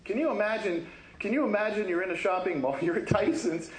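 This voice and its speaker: Male pastor, fairly high voice, chatty sermon delivery with acted-out quotes, echoey church room. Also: fairly quick, crowd noise. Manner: conversational, acts out quoted voices, laughs often. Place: church sanctuary.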